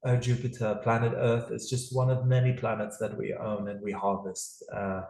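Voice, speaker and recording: A man's voice: mid-range voice, level tone, moderate pace, dark tone, echoey room, close to an everyday voice. A man putting on a haughty British alien lord. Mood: lordly. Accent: put-on British. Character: haughty male alien overlord, aristocratic, cold.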